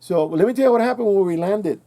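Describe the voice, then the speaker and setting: Mellow-voiced older man telling stories. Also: high voice, fast. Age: 60s. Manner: rambling, self-correcting, colloquial. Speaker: channel host. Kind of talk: casual storytelling monologue.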